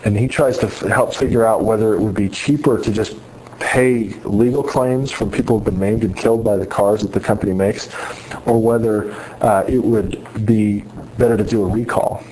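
A man's voice: on the low side, steady tone, moderate pace, darkish tone, a little hiss or hum, low-quality recording. A man giving an earnest sermon-style talk to students, retelling a story with many restarts. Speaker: speaker addressing students on faith.

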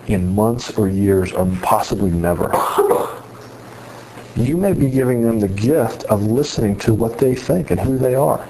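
A man's voice: mid-range voice, dark tone, slight background noise, low-quality recording. A man giving an earnest sermon-style talk to students, retelling a story with many restarts. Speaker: speaker addressing students on faith.

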